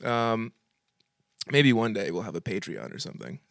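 A man hosting a comedy podcast, bantering casually and making deadpan prank calls, laughing often. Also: on the low side, normal speed, creaky, dry recording, studio quality.

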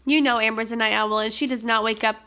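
A woman's voice: fairly high pitch, steady tone, quick pace, pushed and bright. A young woman co-hosting a podcast, chatting playfully and laughing easily. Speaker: podcast co-host. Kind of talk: casual chat.

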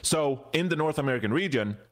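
A man's voice: a little high, lively intonation, a little fast. A man hosting a casual esports podcast, talking with many ums and restarts. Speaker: podcast host. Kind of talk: casual esports panel chat.

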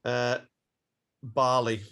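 A man's voice: medium pitch, flat delivery, extremely slow, a bit bright. A man co-hosting a podcast in casual chat, swearing freely and laughing often. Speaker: podcast co-host.

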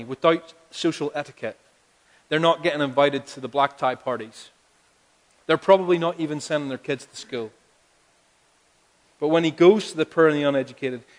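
A male pastor preaching a sermon, talking conversationally and building to emphatic appeals. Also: fairly high pitch. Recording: long hall reverb.

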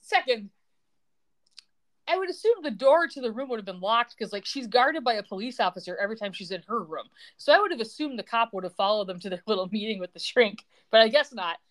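A woman's voice: fairly high pitch, lively intonation, a little fast, fairly bright tone. A young woman co-hosting a podcast, chatting casually and retelling scenes in a sarcastic, quoting way. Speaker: podcast co-host. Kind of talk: casual recap chat.

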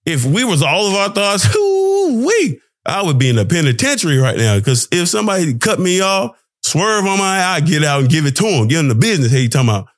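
A man's voice: a little high, very animated, fast, hardly any pauses, dry recording, clean studio sound. A young man hosting a podcast, rambling in a casual motivational monologue and swearing for emphasis. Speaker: podcast host.

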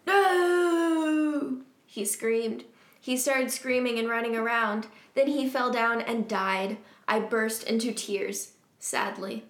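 A woman's voice: a little high, fairly even intonation, takes it slowly, fairly bright tone. A woman co-hosting a comedy podcast, reading a fan fiction aloud and laughing often. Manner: amused, often breaks into laughter while reading. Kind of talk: comedic reading and casual chat. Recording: roomy echo.

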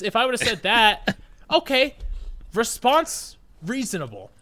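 A man in his late twenties telling a story in casual chat, animated and profane, with lots of "like" fillers. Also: extremely high pitch, unhurried.

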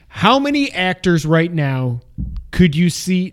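This gaming podcast co-host speaks slowly in a slightly high voice with big pitch swings, pausing often. He keeps things casual and jokey, rambling along and laughing at himself.

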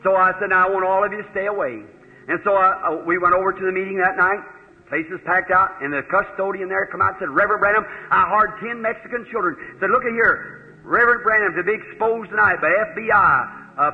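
A man's voice: sits high, fast talker. A man preaching a sermon, telling a folksy story with quoted dialogue. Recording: old hall recording, phone-like narrow sound.

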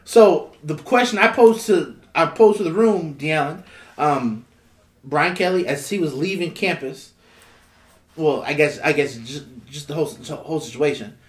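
A young man co-hosting a casual podcast, steering the topics and halting often with ums and repeated words. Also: on the high side. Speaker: podcast co-host. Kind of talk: casual chat. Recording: roomy echo.

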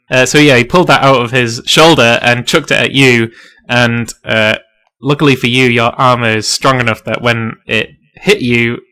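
A man's voice: mid-range voice, pushed and bright. A man narrating a tabletop role-playing game as game master, casual and full of fillers, laughing often.

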